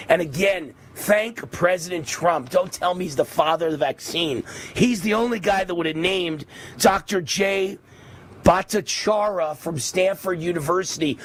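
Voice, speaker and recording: A man from New York hosting a live political commentary show, ranting with loud emphatic delivery. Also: a little high, slight background noise. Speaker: show host.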